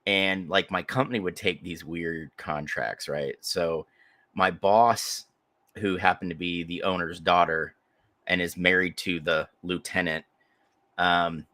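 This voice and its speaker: A man with a very low voice and a bright, forceful edge tells a rambling, profane story on a podcast. He talks animatedly into a close mic. The sound is dry. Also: fairly even intonation, unhurried, no echo. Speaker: podcast co-host. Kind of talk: casual storytelling chat.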